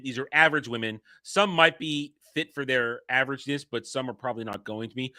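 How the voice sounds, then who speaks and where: Male stream host, loose and rambling, self-interrupting, sharp bright tone. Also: mid-range voice, dry recording, clean studio sound. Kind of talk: casual livestream chat.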